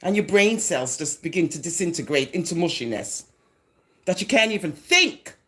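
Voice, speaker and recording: A Jamaican woman ranting in a vlog, her lowish voice swooping up and down as she mocks and scolds. She sounds sarcastic and animated, leaning into her patois. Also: moderate pace. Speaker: social media commentator.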